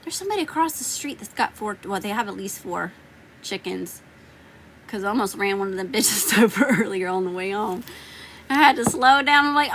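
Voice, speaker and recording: A woman's voice: mid-range voice, expressive, normal speed, vocal fry, heavy background noise. A woman hosting a tarot livestream, chatting casually, joking, swearing freely and laughing often. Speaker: tarot reader livestream host.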